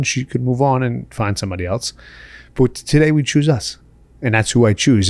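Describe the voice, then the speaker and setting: A middle-aged man from the Bronx, New York, speaks candidly as a podcast guest in a casual interview chat, laughing often and saying "you know" a lot. His voice is fairly low with a darkish tone, and the recording is dry.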